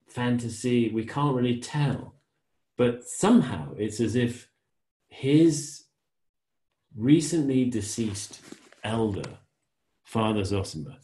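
A man giving a dharma talk as a Zen teacher, reflective and pausing as he reads from a novel and comments on it. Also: mid-range voice, warm tone. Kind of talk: dharma talk with reading aloud. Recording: echoey room.

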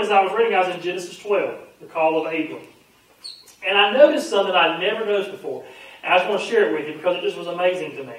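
A man's voice: sits high, fairly bright tone, recorded from a distance. A man, a pastor teaching a Bible study in a folksy, earnest, conversational way with frequent fillers. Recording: very echoey room, voice off-mic with faint hum.

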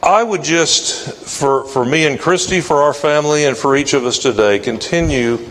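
Pastor with a higher voice in a reverberant sanctuary. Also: male voice, moderate pace, a bit bright, a little hiss or hum. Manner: folksy, acts out quoted voices. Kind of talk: sermon with personal storytelling. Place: church sanctuary.

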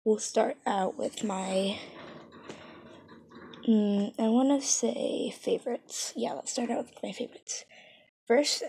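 A woman voicing a deep-voiced male toy character in a strained, raspy low voice, chatting slowly about toys in her bedroom. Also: warm tone, full character voice, poor audio. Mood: low gruff.

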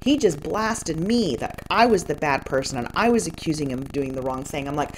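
Female podcast host, middle-aged, lower register, blunt and profane confessional monologue, loose and rambling. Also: lively intonation, a little fast, hardly any pauses, slight background noise. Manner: frank and profane, with many restarts and fillers. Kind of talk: candid personal storytelling.

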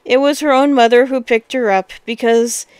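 A woman reading a fairy tale aloud as a storyteller, expressive, with lively exclamations. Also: a little high, normal speed, clear, resonant tone, no room sound.

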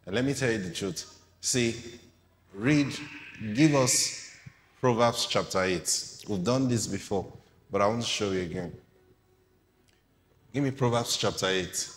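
A man's voice: fairly low pitch, measured pace, pauses often, big-room sound. A man preaching a sermon, reading scripture aloud and explaining it with rhetorical questions to the congregation.

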